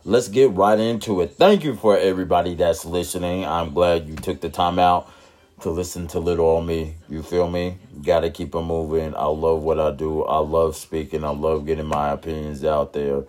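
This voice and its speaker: A man's voice: a bass voice, fairly even intonation, normal speed, a little mellow. A man hosting his own podcast, talking casually and loosely with slang and lots of fillers. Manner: laid-back, rambling, with slang and fillers. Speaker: podcast host. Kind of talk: casual solo podcast talk.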